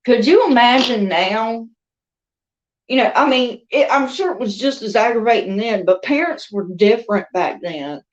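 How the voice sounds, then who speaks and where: A woman's voice: on the high side, expressive, moderate pace, dull audio. A woman with a Southern US accent telling a rambling, chatty story in a casual vlog, with laughs between thoughts. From American South. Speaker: crochet and doll vlogger.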